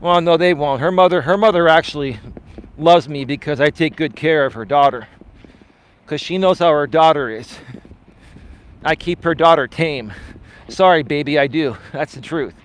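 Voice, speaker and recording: A man's voice: fairly high pitch, normal speed, long pauses. A middle-aged man hosting a live coaching stream, chatting casually and telling rambling, profane stories. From Greek-American community. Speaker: life coach, live show host.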